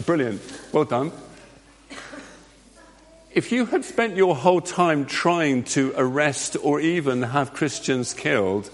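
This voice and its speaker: A man's voice: fairly high pitch, animated, slow pace. A man leading an all-age church talk, acting out a Bible story with volunteers in a jokey, directing manner. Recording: long hall reverb.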